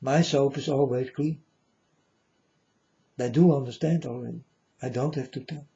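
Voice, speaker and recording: With a gravelly, mellow mid-range voice, a man calling himself a spiritual speaker talks at a moderate pace and a steady tone. His casual monologue rambles, swears freely, leans on "you know", and shows non-native English grammar. The audio is dull.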